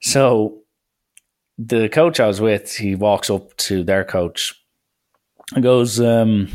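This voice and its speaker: A man with an Irish accent hosting a podcast, telling stories in a chatty, animated way full of "like" and acted-out quotes. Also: lowish voice, slow pace. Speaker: podcast host. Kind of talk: casual storytelling.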